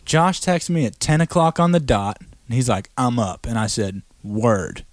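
A young man co-hosting a podcast, telling animated stories full of swearing and acted-out quotes. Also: mid-range voice, measured pace, no room sound. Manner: animated storyteller, acts out quotes, heavy swearing. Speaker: podcast co-host. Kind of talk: casual chat.

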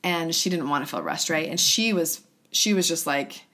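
A woman's voice: low-pitched, normal speed, sharp tone. A woman in her thirties telling an emotional personal story in casual chat, often acting out what others said. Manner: emotional, quoting others in raised voices. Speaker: host sharing a personal story.

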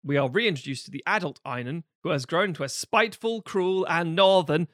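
A chatty man co-hosting a film podcast, his voice sitting a little on the high side. He talks through a plot synopsis with quick asides and casual swearing. The sound is dry and close. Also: animated, a bit bright, no echo. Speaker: podcast co-host.

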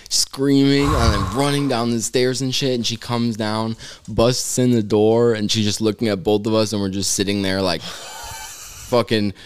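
A young man telling a long story in casual chat, rambling, swearing freely and acting out other people's lines in high voices. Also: steady tone, normal speed, clear, resonant tone. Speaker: podcast guest.

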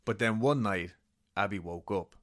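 A man's voice: on the low side, moderate pace. A man co-hosting a podcast, casually retelling a story and reading quotes from a book, with swearing and laughing asides. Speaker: podcast co-host.

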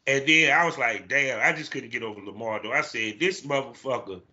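A man hosting a podcast in casual chat, animated and profane, acting out his own reactions. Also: medium pitch, brisk, dull audio. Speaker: podcast host.

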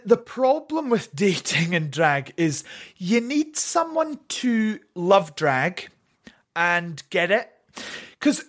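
A young man speaking as a guest in a candid interview, chatty and animated, who often stumbles over repeated words and acts out what other people said in mimicking voices. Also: high-pitched. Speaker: interview guest, drag performer.

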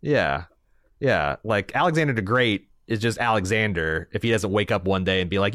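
A man with a low voice talks casually as a podcast co-host, animated and quick to act out lines in funny voices. He often stops and restarts mid-thought. The sound is close and dry, with no room echo. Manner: animated, acts out quotes, trails off and restarts. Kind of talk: casual chat.

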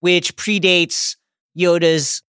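A podcast co-host making wry, deadpan jokes in casual chat. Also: male voice, high voice, very slow, clean tone, no echo, studio quality.

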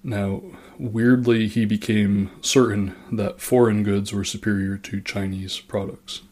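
A man's voice: fairly low pitch, flat delivery, a little slow, a little mellow. A man narrating history from a script, with dry, sarcastic asides.

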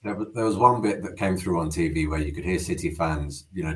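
A man's voice: low-pitched, fairly quick. A man co-hosting a casual football podcast, talking animatedly and tripping over repeated words. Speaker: podcast co-host.

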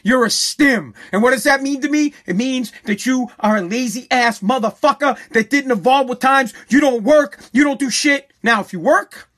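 A man hosting a podcast, ranting angrily, yelling and swearing, hammering on his points with repeated phrases. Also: very high voice, moderate pace, hardly any pauses. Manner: yelling, profane, aggressive; repetitive, emphatic phrasing. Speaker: podcast host. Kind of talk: angry podcast rant.

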